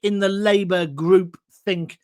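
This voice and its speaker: A man's voice: sits high, steady tone, takes it slowly, a little mellow, clean tone. A man hosting his own show, delivering a combative, sarcastic political rant. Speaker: host.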